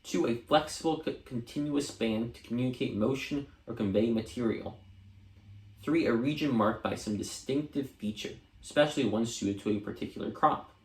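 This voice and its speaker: A man reading dictionary entries aloud for an audiobook, measured and deliberate, sometimes restarting a word. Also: mid-range voice, a little mellow, roomy sound. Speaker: audiobook reader.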